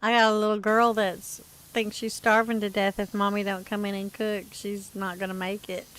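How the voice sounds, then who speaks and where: A woman's voice: mid-range voice, level tone, normal speed, a bit bright. A middle-aged woman, chatting casually with viewers on a gaming livestream and laughing often as she tells a story.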